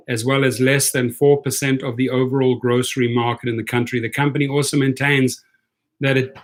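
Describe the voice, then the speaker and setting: A man's voice: mid-range voice, fairly bright tone. A man vlogging, talking casually at a table, rambling and repeating his words. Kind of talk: casual chat.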